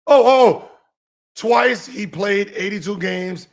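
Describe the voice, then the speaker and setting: A man in his forties hosting a podcast, giving heated commentary and mocking someone in an animated, sing-song teasing way. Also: high-pitched, slow, vocal fry. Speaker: podcast host.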